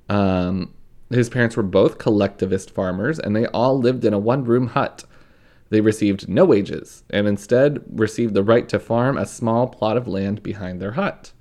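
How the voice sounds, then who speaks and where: A man co-hosting a podcast, telling a story in a casual, joking way. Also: mid-range voice. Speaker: podcast co-host. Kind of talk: casual comedic chat.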